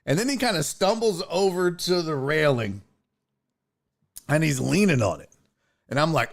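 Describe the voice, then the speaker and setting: A man's voice: sits high, sing-song, unhurried, creaky, fairly bright tone. A man hosting a sports talk show, telling a story in a casual, profane way and laughing often.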